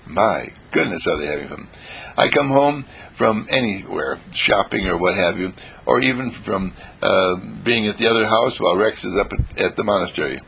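A man giving an exuberant inspirational monologue, with a husky, gravelly voice, swooping between high exclamations and low murmurs and repeating his phrases. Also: lively intonation, moderate pace, fairly bright tone, a little hiss or hum.

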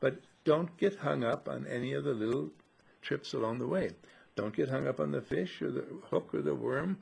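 A man giving a slow, musing spiritual teaching to a group, repeating and correcting himself and acting out his listeners' voices. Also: medium pitch, creaky, a little mellow, breathy edge. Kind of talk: metaphysical teaching talk to a group.

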